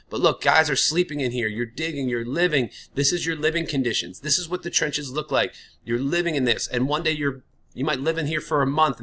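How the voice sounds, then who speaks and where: A man's voice: medium pitch, pushed and bright. A man teaching a history lesson in a casual, chatty way, often using filler words. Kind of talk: classroom lecture.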